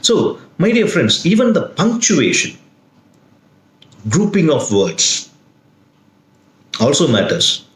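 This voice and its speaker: A man teaching a video lesson in a slow, deliberate way, leaning hard on single words. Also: on the high side, wildly swooping pitch. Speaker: lecturer. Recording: echoey room.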